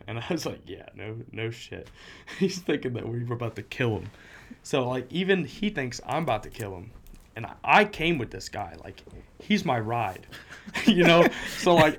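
A man's voice: mid-range voice, fairly bright tone, slight background noise. A young man in casual chat, telling a story with laughs and acted-out quotes.

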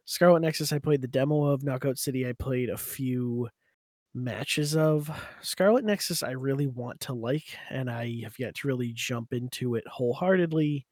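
A man's voice: medium pitch, normal speed, a little mellow, dry recording. A man with a mid-range voice chats on a casual gaming podcast. He rambles and backtracks, correcting himself with a joking air. The recording is dry and close. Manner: rambling, self-correcting, jokey. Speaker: podcast co-host.

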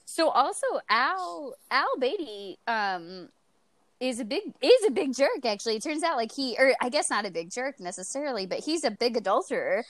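A woman co-hosting a casual chat, her voice sitting a touch high as she giggles and ums through her points. The recording is dry and close. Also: big pitch swings, normal speed, fairly bright tone, no room sound. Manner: chatty, giggly, hesitant fillers. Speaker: podcast co-host.

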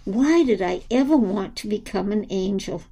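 A woman's voice: medium pitch, animated, moderate pace, mellow, husky. A woman voicing a small, anxious girl angel who stammers and wails her apologies, in a storybook reading.

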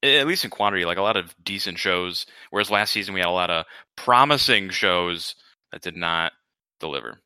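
A man's voice: low voice, lively intonation, fairly quick, pushed and bright, clear, resonant tone, dry recording. A man hosting a casual podcast chat, joking and self-deprecating. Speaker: podcast host.

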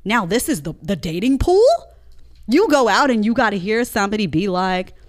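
A woman's voice: medium pitch, expressive, normal speed. A woman hosting a live show, reacting to clips with indignant, mocking commentary. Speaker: host. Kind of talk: opinionated live-stream commentary.

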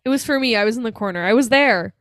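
A woman's voice: a little high, fast, no echo. Sarcastic woman podcaster, dry close mic. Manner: animated, sarcastic, swears freely. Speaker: podcast co-host. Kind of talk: casual chat.

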